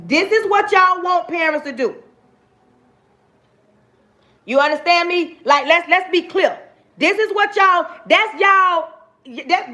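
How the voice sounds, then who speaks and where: Woman, high school teacher, casual livestream rant, bright sharp voice, emphatic. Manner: emphatic, repetitive, direct address to viewers. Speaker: livestream host.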